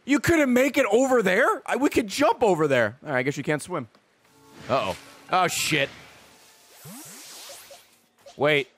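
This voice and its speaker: A male streamer in excitable, profane gaming commentary who laughs often. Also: high-pitched, measured pace, pauses often, soft background music.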